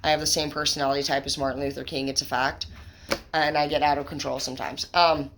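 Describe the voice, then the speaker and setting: A woman giving a tarot reading to her viewers, excitable and emphatic, swearing freely and calling the listener baby and bro. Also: sits low, fast, a little hiss or hum. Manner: excitable, profane and emphatic, gushing praise; affectionate pet names, conversational fillers. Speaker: tarot reader.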